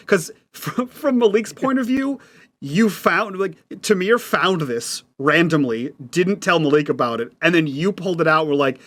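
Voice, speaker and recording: A man taking part as a player in a tabletop game, with a slightly high voice. He retells events in an animated, joking manner. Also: normal speed. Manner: animated storytelling.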